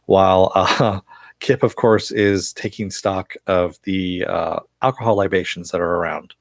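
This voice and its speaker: A low-voiced man rambles through an episode recap, swearing freely and filling pauses with "uh" and "you know." The sound is dry and close to the mic, with no room around it. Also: fairly even intonation, gravelly, dry recording. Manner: loose, profane, chatty with frequent fillers. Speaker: show reviewer.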